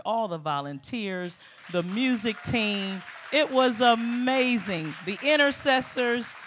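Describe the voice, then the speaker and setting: A middle-aged woman, speaking as a guest preacher, delivers a lively, emphatic sermon in a low-pitched voice, calling out to the congregation.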